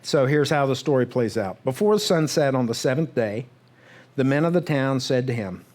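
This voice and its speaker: Preaching in a church sanctuary, a man with an expressive, mid-range, slightly mellow voice tells the sermon conversationally. Frequent "right?" checks with the congregation punctuate quick bursts where he acts out the characters.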